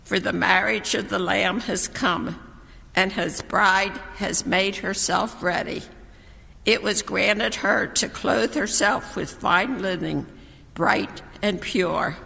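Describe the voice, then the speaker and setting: A scripture reader giving a measured, proclaiming reading in a church. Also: medium pitch, steady tone, creaky, bright, forceful tone. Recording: church hall reverb.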